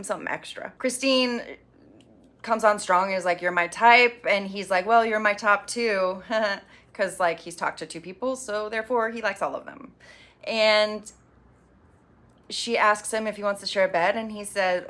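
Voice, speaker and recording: A woman's voice: medium pitch, measured pace, long pauses, a bit bright. A woman casually recapping a reality dating show, playful and sarcastic, acting out the cast's quotes.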